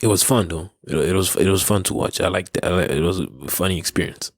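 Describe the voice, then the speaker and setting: A man's voice: low voice, fast talker, no room sound. A young South African man hosting a podcast, telling a story in a rambling way with many restarts and frequent laughs. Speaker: podcast host. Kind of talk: casual storytelling.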